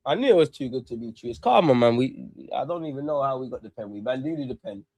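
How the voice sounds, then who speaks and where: A man hosting a live football watch-along, ranting excitably and swearing freely into a close mic. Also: medium pitch, fast, gravelly, no echo.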